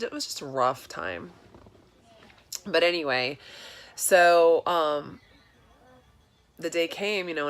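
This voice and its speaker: A woman in her thirties chatting casually and confessionally in a personal vlog, with lots of fillers. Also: rumbling low. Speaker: vlogger. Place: home in Florida.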